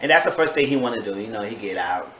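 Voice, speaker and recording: A man giving a casual, gossipy recap of a reality show episode. He sometimes breaks into sudden high-pitched disbelief. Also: animated, fast talker, sharp tone. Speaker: TV show reviewer. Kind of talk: casual chatty recap vlog. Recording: echoey room with faint background noise.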